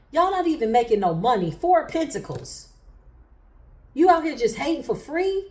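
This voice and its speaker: A woman's voice: on the high side, very animated, a little fast, darkish tone. A chatty woman working through a tarot spread for her viewers. She laughs freely and keeps up a running stream of sassy asides. Her voice rings a little in a roomy, echoey space. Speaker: tarot reader. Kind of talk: casual livestream tarot reading.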